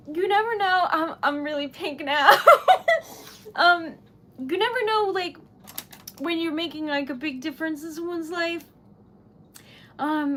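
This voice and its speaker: Flustered, teary high-voiced woman streamer. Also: a bit bright, a little hiss or hum. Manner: flustered, laughing through tears, stammering; breathless gushing thanks. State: tearful and giggly. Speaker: livestreamer. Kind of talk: casual livestream chat.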